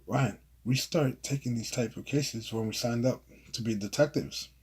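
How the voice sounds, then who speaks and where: A self-assured young detective who brushes off his partner's objections. A man reads him aloud, giving him a breezy, confident delivery in a slightly raspy voice. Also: mid-range voice, normal speed, darkish tone, natural voice.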